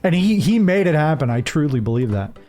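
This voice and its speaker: A man's voice: a little high, big pitch swings, brisk, mellow, soft background music. A young man streaming a game, telling a rambling story with many restarts and fillers. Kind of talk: casual storytelling while gaming.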